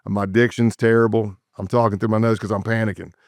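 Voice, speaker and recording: A former undercover agent, a man with a lowish voice and brisk delivery, recounts his stories in a podcast interview. He tells them vividly and animatedly, adding sound effects and repeating words, captured in a dry, clean studio recording.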